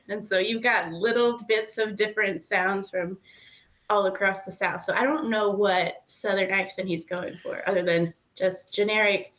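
A woman co-hosting a podcast, bantering quickly with firm opinions. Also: medium pitch, fairly even intonation, fairly bright tone. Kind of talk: casual chat.

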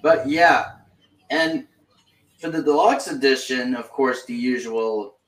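A man's voice: mid-range voice, takes it slowly, fairly bright tone, far from the mic. A man hosting a casual podcast, reading through news with lots of fillers and restarts. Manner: reads game news with many fillers and restarts. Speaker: podcast host. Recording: roomy echo, off-mic.

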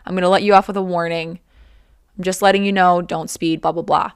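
A woman's voice: fairly low pitch, flat delivery, fairly quick, clear, resonant tone, dry recording, studio quality, close to an everyday voice. A woman quoting a stern, suspicious male traffic cop in her own everyday voice.

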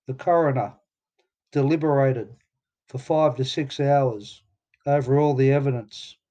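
A man's voice: medium pitch, warm tone. A man with an Australian accent narrating his own story in a plainspoken, casual way with some swearing. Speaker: memoir narrator. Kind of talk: audiobook narration.

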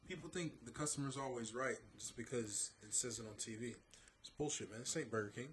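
A man's voice: mid-range voice, brisk, fairly bright tone. A man in casual chat, backing up his friend with short, slangy agreeing remarks. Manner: agreeing, supportive interjections with slang. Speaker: friend listening.

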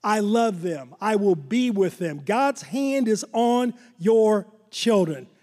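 A man's voice: high-pitched, animated, slow pace, darkish tone, in a large hall. An older man preaching a sermon in a church sanctuary, fervent and repetitive, with chuckles. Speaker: pastor.

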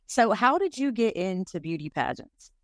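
A woman's voice: mid-range voice, very animated, normal speed, no room sound, clean studio sound. A woman from North Carolina with a Wilmington accent, hosting a podcast and talking earnestly and emphatically. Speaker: podcast host. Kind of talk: casual conversation.

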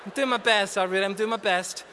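A man preaching a humorous, story-driven sermon, self-mocking and animated, then earnest and urgent. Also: sits high, fast talker, a little hiss or hum. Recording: long reverb of a large hall.

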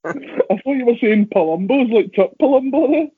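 A man's voice: very high-pitched, expressive, moderate pace, breathy edge, dry recording. A young Scottish man, a professional wrestler, chatting casually and rambling with self-deprecating asides. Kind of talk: casual podcast chat. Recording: dry, phone-like lo-fi audio.

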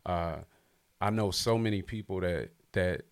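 A man's voice: sits low, a little slow. A man hosting a podcast interview, talking loose and slangy as he hypes up his guest over a video call. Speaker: podcast host. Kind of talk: casual interview chat.

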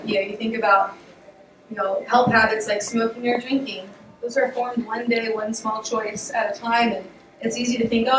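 A woman giving a casual devotional talk, conversational and animated, with laughs and restarts, her voice getting worn. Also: mid-range voice, background noise. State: losing her voice. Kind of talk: casual sermon. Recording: echoey room, voice picked up from a distance.

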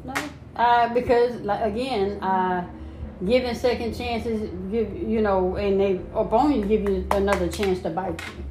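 A woman in a casual chat, talking in halting starts with many fillers. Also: mid-range voice, steady tone. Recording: echoey room, faint background noise.

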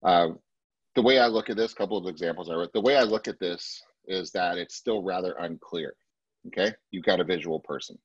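A man's voice: brisk, breathy edge, no room sound. A man teaching real estate agents in a sales class, talking emphatically and acting out clients' words. He is heard over lo-fi video call audio. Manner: emphatic, acts out client quotes in a much higher voice.

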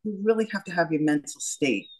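A woman's voice: on the low side, fairly quick, poor audio. A middle-aged woman, a guest telling her story in an interview and acting out the dialogue. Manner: animated storyteller, acts out the dialogue.

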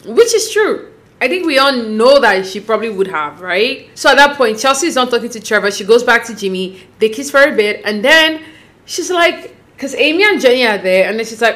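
A woman talks through a reality show recap in a relaxed, chatty way. Her voice sits a little high, and she gets expressive and sassy, jumping up in pitch when something surprises her. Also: a little fast. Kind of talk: casual recap commentary.

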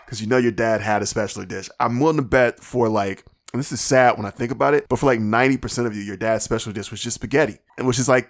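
A hoarse man who is losing his voice hosts a solo podcast, rambling through profane, comically exasperated rants and mumbling a little. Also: on the low side. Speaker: podcast host. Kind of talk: casual solo podcast rant.

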